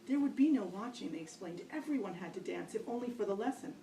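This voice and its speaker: A woman reading her own story aloud at a poetry event, wry and self-mocking, with lively asides. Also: medium pitch, fast, a little hiss or hum. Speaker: poet reading her work. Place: gallery reading room. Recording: roomy, distant live-event recording.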